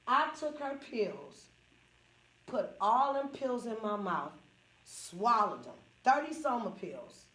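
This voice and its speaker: A woman's voice: on the high side, big pitch swings, slow, a bit bright. A woman comedian with a Northern California accent, frankly telling a personal story to a small group, laughing often and acting out what people said. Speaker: comedian and support group speaker. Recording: echoey room, distant from the mic.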